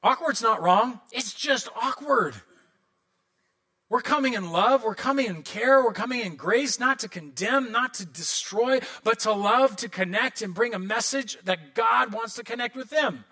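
Bright, high-voiced man preaching a sermon. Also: a little slow. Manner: animated storytelling with comic asides. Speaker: pastor.

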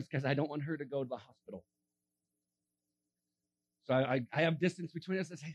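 A man preaching a sermon, telling stories and acting out the voices of the people in them, dropping to a hush and then rising to a shout. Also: medium pitch, brisk, long pauses, slightly rough. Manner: acts out voices in his stories, swings from hushed to shouting. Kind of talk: animated sermon storytelling.

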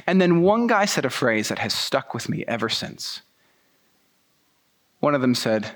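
Man preaching, first-person storytelling, lively pitch, bright tense voice, casual slang. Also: moderate pace. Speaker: pastor.

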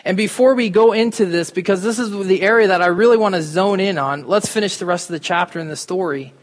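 A man preaches in a high-pitched voice at a quick pace, giving an informal sermon aimed squarely at his congregation. The church recording has a reverberant hall sound.

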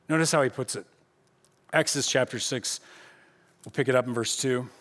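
A pastor giving a casual, conversational sermon in a church, animated and shifting between loud emphasis and quiet asides. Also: male voice, medium pitch, normal speed, long pauses. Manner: casual, conversational preaching with slang.

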